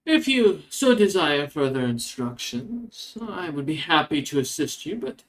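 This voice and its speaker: A man voicing an ancient, otherworldly male shopkeeper who speaks slowly and formally in a tabletop game. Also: fairly high pitch, very animated, rough recording. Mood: courteous. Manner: slow, formal, courteous.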